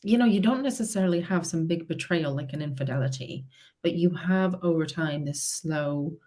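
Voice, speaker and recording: A British woman speaking as a relationship therapist, explaining advice in a live conversation and acting out example dialogues. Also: deep voice. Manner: lively, acts out example dialogues with laughs.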